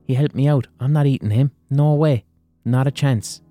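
A man's voice: mid-range voice, normal speed, dark tone, dry recording, soft background music, pitched above the performer's own voice, close to an everyday voice. A man voicing a blunt, swearing male lion in a retold fable. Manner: blunt, swearing, matter-of-fact. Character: gruff male lion, sore then friendly.

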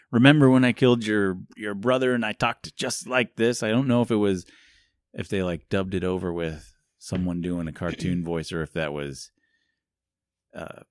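A man's voice: on the low side, darkish tone, no room sound, studio quality. A man co-hosting a podcast, casually recapping a movie in a rambling, jokey way, laughing often and filling with "like". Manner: rambling, frequent laughs and "like" fillers; jokey, self-mocking. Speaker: podcast co-host.

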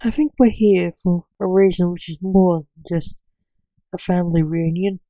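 A woman's voice: fairly low pitch, fairly even intonation, normal speed, warm tone, dry recording, close to an everyday voice. A woman reading the part of an exasperated, protective father who scolds his son, in a storybook reading.

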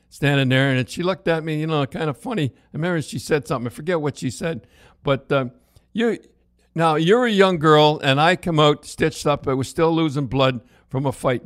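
A man's voice: medium pitch, dry recording. Older man telling old hockey stories, loose and rambling, dry close sound. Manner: rambling, with false starts. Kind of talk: casual reminiscing.

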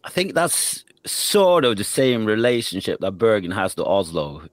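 Norwegian host, very low voice, easygoing and quick to laugh, dry close mic. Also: male voice, no echo. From Norway. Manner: relaxed, laughs often. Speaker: podcast host. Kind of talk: casual interview chat.

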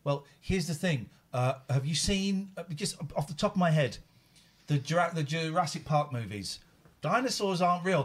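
A male host of a live call-in show with a fairly high voice that moves a lot in pitch. He plays things deadpan and mock-serious, joking his way through.

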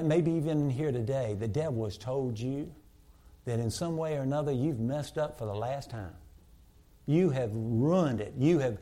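Dark-voiced pastor preaching. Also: male voice, mid-range voice. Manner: swings from loud emphatic peaks to hushed tender lines. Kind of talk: sermon. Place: church.

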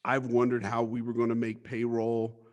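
A man's voice: medium pitch, monotone, normal speed, darkish tone. A man as an interview guest, telling his life story bluntly, with swearing and stammered restarts.

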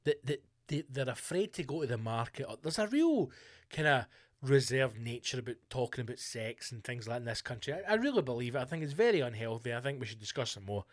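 A man's voice: mid-range voice, sing-song, quick pace, no echo, studio quality. A man hosting a podcast, riffing through a crude, sweary comic monologue. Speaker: podcast host. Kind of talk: casual comedic monologue.

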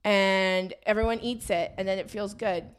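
A woman's voice: medium pitch, fairly even intonation, normal speed, clean tone. A woman comedian co-hosting a casual comedy podcast, telling stories in a giggly, rambling way.

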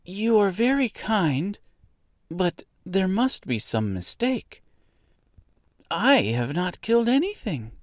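Brief: man putting on a high, timid little farm girl for a storybook, slow and hesitant. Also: wildly swooping pitch, a little mellow, no room sound, studio quality, heavily acted. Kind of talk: storybook reading.

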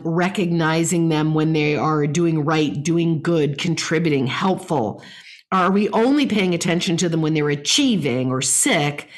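A woman hosting a podcast, giving parenting advice and reading listener questions aloud. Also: on the low side. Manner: warm explanatory, reads listener emails aloud. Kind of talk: casual advice talk.

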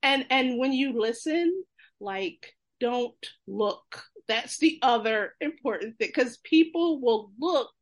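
A woman from New York telling funny stories in casual talk, fast and animated, laughing and acting out other people's voices. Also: a little high.

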